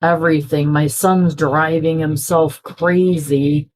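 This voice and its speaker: A woman's voice: low-pitched, steady tone, slow pace, a little mellow. A middle-aged woman chatting casually while crafting, rambling from story to story and acting out what people said. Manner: chatty, rambling, acts out quoted dialogue. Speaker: crafting vlogger.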